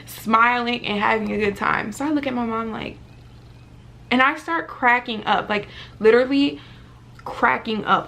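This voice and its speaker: Animated young woman telling a story. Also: fairly high pitch, moderate pace, gravelly. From Virginia, US. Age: 20s. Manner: animated storytelling with lots of fillers. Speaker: vlogger. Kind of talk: casual storytime.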